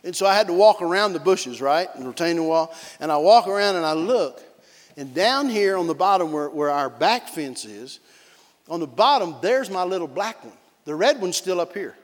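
A man preaching a sermon as pastor, telling a lively story with barking dog imitations. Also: high voice, moderate pace. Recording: long reverb of a large hall.

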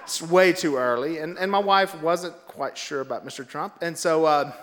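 A middle-aged man telling a casual anecdote, animated and acting out the voices of the people in it. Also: a little high, normal speed, big-room sound. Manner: animated, acts out quoted voices. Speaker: storyteller. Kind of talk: casual anecdote, told to a laughing audience.

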